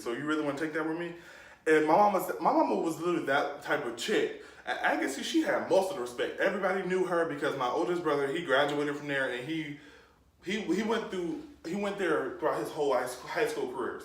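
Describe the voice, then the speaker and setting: Animated young man telling a storytime. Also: fairly high pitch, recorded from a distance. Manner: animated, acts out quoted people in shifting voices. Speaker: YouTube storyteller. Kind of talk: storytime vlog. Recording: roomy echo, off from the mic.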